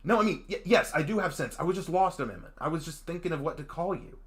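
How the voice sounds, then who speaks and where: Man as earnest young guy, stammering, reassuring, polite, visual novel reading, animated pitch. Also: fast talker, close to an everyday voice. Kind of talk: visual novel read-aloud.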